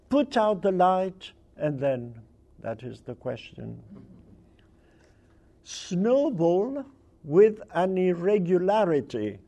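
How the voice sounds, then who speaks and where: A man reading examples of literary wordplay aloud to an audience, with a playful and deliberate delivery. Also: fairly high pitch, dark tone. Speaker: speaker presenting literary wordplay.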